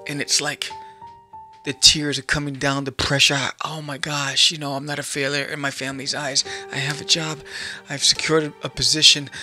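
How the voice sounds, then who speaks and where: A man hosting a podcast, giving an animated motivational talk straight to the listener and acting out little scenes. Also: on the high side. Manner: animated, addresses listener directly, acts out scenes. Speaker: podcast host. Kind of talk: motivational monologue.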